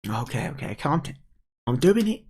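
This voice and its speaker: A man reading game dialogue as a brave, anxious young animal hero with paws, pitching his voice up. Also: big pitch swings, normal speed, darkish tone, breathy edge. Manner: earnest, anxious.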